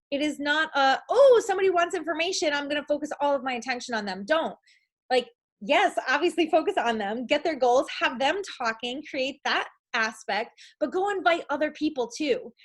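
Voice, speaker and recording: Young female coach trainer, high-pitched, casual and upbeat, filler-heavy. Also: a bit bright. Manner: chatty, upbeat, lots of likes and ums; shifts into acted-out quotes of herself.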